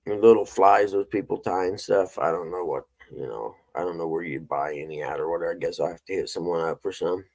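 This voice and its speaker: A man's voice: deep voice, fairly quick, creaky, hardly any pauses, darkish tone. A middle-aged man, hosting a casual morning show and telling rambling, folksy stories. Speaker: host.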